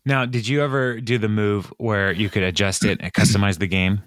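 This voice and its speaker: A man's voice: on the low side, fairly even intonation, fairly quick, fairly bright tone, no echo. Man animatedly recapping episodes, dry sound. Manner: retells scenes, acting out lines in a raised voice, laughs often. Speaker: podcast co-host. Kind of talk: casual recap chat.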